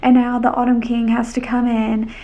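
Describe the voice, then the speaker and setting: A young woman chatting casually on her reading vlog, rambling and excitable, full of "like.". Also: fairly high pitch, normal speed. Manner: excitable, rambling, heavy use of "like". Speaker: book vlogger. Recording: echoey room with faint noise.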